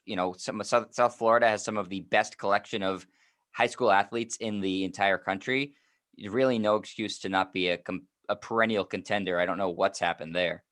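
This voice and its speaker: A man's voice: lowish voice, fairly bright tone. A man co-hosting a sports podcast, chatting casually with wry jokes and asides. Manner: joking, wry, talks in asides. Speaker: podcast co-host.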